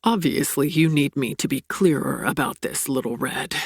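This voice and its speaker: A woman voicing a domineering, seductive man with a low growling murmur in an audiobook. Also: normal speed, gravelly, husky, dry recording, studio quality, exaggerated voice. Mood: menacing.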